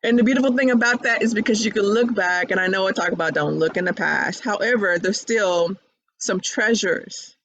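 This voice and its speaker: A woman's voice: medium pitch, moderate pace, a bit bright, slight background noise. A woman talking casually and animatedly about personal growth, acting out little quotes and laughing often. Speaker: podcast guest speaker. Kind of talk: casual spiritual chat. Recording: dull lo-fi online call audio.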